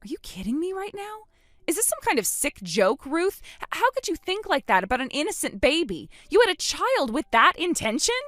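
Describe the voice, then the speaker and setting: A woman's voice: high-pitched, very animated, brisk, few pauses, fairly bright tone, dry recording, clean studio sound. A woman voicing an earnest young aunt who pleads for her brother's baby, in scripted dialogue. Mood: pleading. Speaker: voice actor in a text-story drama.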